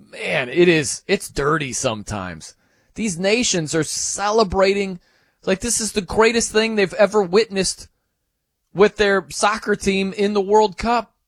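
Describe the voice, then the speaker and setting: Man, sports radio host, casual talk, acts out quotes, slightly high voice, dry close sound. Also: fairly bright tone, no echo.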